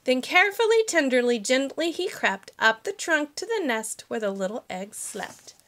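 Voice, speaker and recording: A teacher, a woman, reading a rhyming picture book aloud to children with an expressive storytelling manner. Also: high voice, moderate pace, a little hiss or hum.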